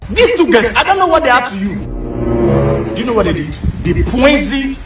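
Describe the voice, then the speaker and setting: A performer playing a brash friend who exposes a poisoned drink and loudly mocks and threatens the culprit. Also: medium pitch, big pitch swings, brisk, natural voice. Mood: threatening. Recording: distant, echoey clip with music.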